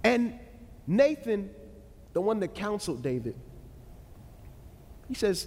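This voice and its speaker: A man preaching a sermon, telling a story dramatically, with swings between loud peaks and hushed lows, and speaking in a Black American vernacular style. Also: sing-song, takes it slowly, pauses often, a little hiss or hum. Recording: long hall reverb.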